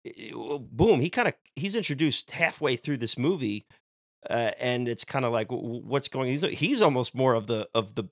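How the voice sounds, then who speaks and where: A man's voice: mid-range voice, animated, dry recording. A man co-hosting a casual film podcast, with a middling voice recorded close and dry. He rambles, restarts and trails off as he searches for his words. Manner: rambling, halting, many restarts. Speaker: podcast co-host.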